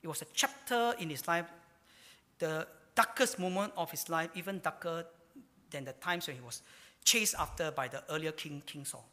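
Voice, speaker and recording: Man, pastor preaching, bright forceful tone, longish reverb. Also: fairly high pitch, moderate pace. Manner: emphatic preaching, with sudden swings between loud and hushed. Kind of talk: sermon. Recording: hall reverb.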